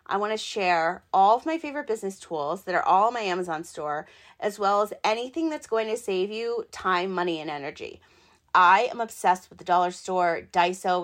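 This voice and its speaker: A woman in her thirties hosting her own podcast, talking in a chatty, excitable, rambling way with lots of fillers. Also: medium pitch. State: hiccups. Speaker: podcast host. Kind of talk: casual solo podcast talk.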